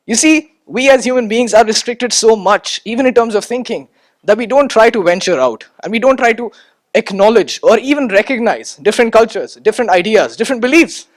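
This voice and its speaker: A young man from India gives a motivational talk to an audience. His voice sits high and lively, full of rhetorical questions and calls to the crowd. He often doubles a word as he builds up to a point. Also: brisk. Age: 20s. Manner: animated, rhetorical, repeats words when starting. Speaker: student speaker. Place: stage at a talk event.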